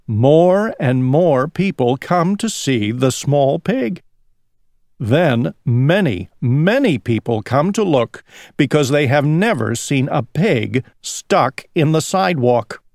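Man reading a picture book aloud; slow, with a rising and falling pitch, dry sound. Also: dry recording. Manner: slow, expressive storytelling.

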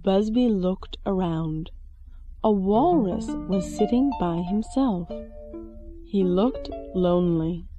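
A woman, an English teacher reading a storybook aloud with expressive sound words. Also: medium pitch, slow pace, highs cut off. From China. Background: soft music.

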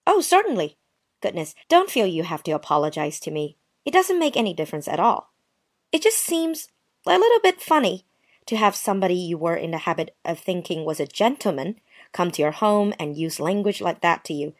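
Brisk and very animated, a woman with a lowish voice reads a dramatized short story. Her character is a prim, touchy young woman who has taken offense and responds with sarcastic politeness that sounds wounded.

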